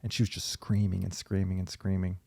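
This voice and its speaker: A man in casual conversation, telling stories in a chatty, lively way with laughing asides. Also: low-pitched, a little fast, vocal fry, no room sound. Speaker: podcast guest in therapy talk. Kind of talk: casual storytelling.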